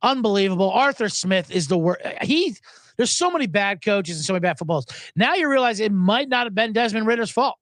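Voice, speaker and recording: A man's voice: high voice, brisk, dry recording, clean studio sound. A man hosting a sports show in casual, joking, rambling talk. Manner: animated, jokey, rambling.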